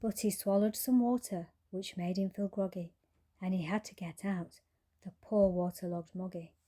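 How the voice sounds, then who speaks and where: A woman reading a rhyming bedtime story aloud with a gentle, rhythmic delivery. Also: mid-range voice, fairly even intonation, moderate pace.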